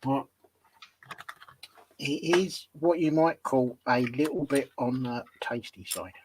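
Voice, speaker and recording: A man's voice: medium pitch, slow pace, noisy background. A man co-hosting a casual live chat, chatty and often restarting his sentences. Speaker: co-host.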